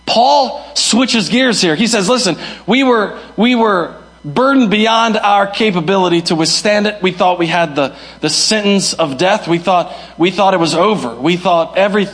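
A man preaching a sermon as pastor, moving between sudden high shouts and soft low asides, and acting out the voices of people he quotes.

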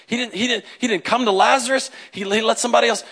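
A man preaching a sermon in a conversational, animated way, acting out the people in his stories. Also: very high-pitched, quick pace, husky. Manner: animated, conversational, acts out quotes. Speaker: pastor.

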